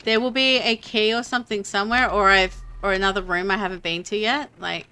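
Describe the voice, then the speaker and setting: A woman's voice: mid-range voice, steady tone, brisk, pushed and bright, clean tone. A woman streaming a game, chatting casually and rambling with many fillers and restarts. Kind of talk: casual gameplay chat.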